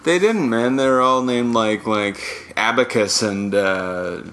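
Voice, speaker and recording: A man co-hosting a comedy podcast, making absurd jokes with deadpan delivery. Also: fairly low pitch, slow pace. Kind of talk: improvised comedy banter.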